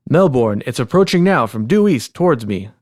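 A man reading a pilot's radio calls from a transcript in a measured, plain way. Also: medium pitch, big pitch swings, dry recording, clean studio sound, close to an everyday voice. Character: calm adult male pilot on the radio.

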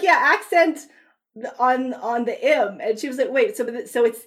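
A woman hosting a podcast in casual chat, talking in quick bursts and laughing often mid-sentence. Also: a little high, lively intonation. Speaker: podcast host and author.

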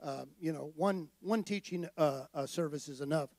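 A man's voice: fairly high pitch, moderate pace, a little mellow, dry recording. A man preaching a sermon in a conversational way that builds to emphatic declarations. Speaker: pastor.

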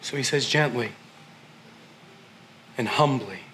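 A man preaching a sermon as pastor, animated, acting out quoted voices and dropping to a hush. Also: medium pitch, takes it slowly, a little hiss or hum.

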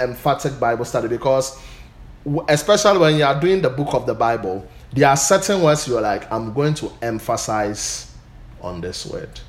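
A pastor teaching a Bible study, often stopping to say "Amen". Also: male voice, medium pitch, reverberant, a little hiss or hum. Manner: punctuates points with "Amen".

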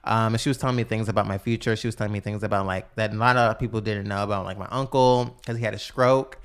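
A young man from New York in a casual podcast chat, telling animated stories with lots of "like" fillers. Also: lowish voice, quick pace, smooth. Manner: animated storytelling with many "like" fillers. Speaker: guest.

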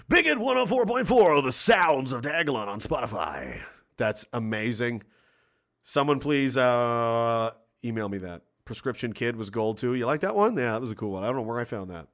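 Animated, profane livestream host man. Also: mid-range voice. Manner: profane, animated, laughs often, reads chat aloud. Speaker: livestream host reading viewer messages. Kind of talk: casual livestream chat.

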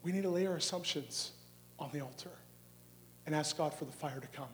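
A middle-aged man preaches a charismatic sermon in a high voice. He drops to a hush on some words and rises to shouting on others, stretching phrases out slowly. He keeps asking the crowd questions. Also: slight background noise. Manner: dynamic, swings from hushed to shouting.

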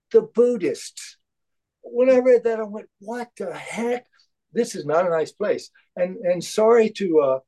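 Emphatic man with a warm, mellow voice. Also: fairly high pitch, poor audio. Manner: emphatic, halting, many restarts. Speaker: study group member. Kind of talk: heartfelt group discussion.

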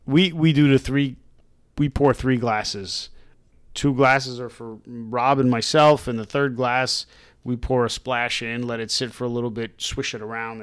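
A man's voice: mid-range voice, smooth, dry recording. Dry-sounding male podcast co-host. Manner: chatty, reads notes in a flat list-like way. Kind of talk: casual podcast chat, reading out bourbon notes.

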